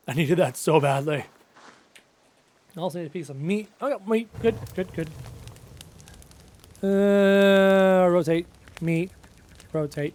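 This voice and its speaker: High-voiced chatty man streaming a game. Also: a little slow, pauses often, darkish tone, a little hiss or hum. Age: late 20s. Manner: chatty, answers chat questions aloud, self-mocking jokes. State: voice wearing out, losing his voice. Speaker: live streamer. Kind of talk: casual live-stream chat while playing.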